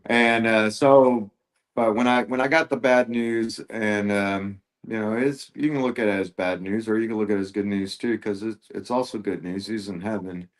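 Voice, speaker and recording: Male guest, lowish voice, halting casual storyteller, podcast mic. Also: fairly even intonation. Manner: halting, full of fillers and restarts. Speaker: guest, airbrush artist.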